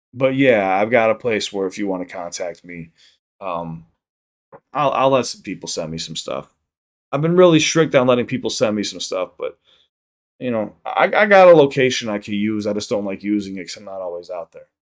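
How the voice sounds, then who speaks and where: Male streamer, relaxed and high, cursing freely, slightly low voice. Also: normal speed. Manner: laid-back, swears a lot, reads chat aloud. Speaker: live streamer. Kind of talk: casual livestream chat.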